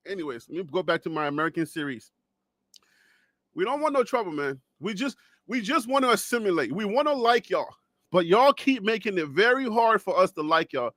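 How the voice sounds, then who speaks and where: Liberian-born guy hosting a sports stream, high voice, dry close sound, jokey and laughing a lot. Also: very animated, moderate pace, pauses often, pushed and bright, dry recording. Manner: playful, laughing, teasing the chat. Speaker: host. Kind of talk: casual live-stream chat.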